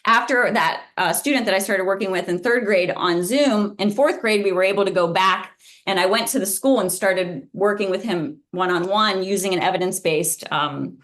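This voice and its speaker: A woman's voice: medium pitch, normal speed. A woman guest speaker, a psychology professor, giving an informal lunch talk over a video call, telling stories animatedly and restarting her sentences often. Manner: animated storytelling, many restarts.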